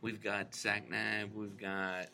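A man doing a low, slow, mumbled movie-star drawl with a bright tone, done as a bar-podcast gag. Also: level tone, gravelly, exaggerated voice. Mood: laid-back. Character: impression of a laid-back drawling male film actor.

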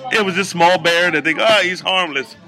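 A man co-hosting a casual chat, telling stories in an animated, joking way and acting out the people he quotes. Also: sits high, brisk, soft background music. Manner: animated, jokey, acts out quoted voices. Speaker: podcast co-host.

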